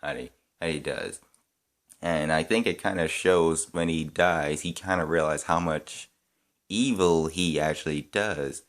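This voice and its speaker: Very deep-voiced halting man. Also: fairly even intonation. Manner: halting, many restarts and fillers; thinking aloud, unsure. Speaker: fan reviewer. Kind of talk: casual opinion vlog.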